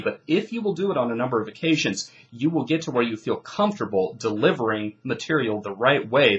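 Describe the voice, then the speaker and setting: A man's voice: mid-range voice, fairly bright tone, low-quality recording. A man coaching debaters, giving instruction in an emphatic, declarative way. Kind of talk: instructional talk.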